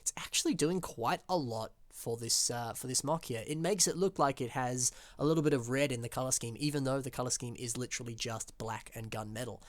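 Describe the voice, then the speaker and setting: Aussie guy hosting, casual excited commentary, lots of uhs and you knows, dry sound. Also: medium pitch, no room sound. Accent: Australian. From Australia. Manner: enthusiastic, chatty, full of fillers. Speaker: host reviewing fan-built models.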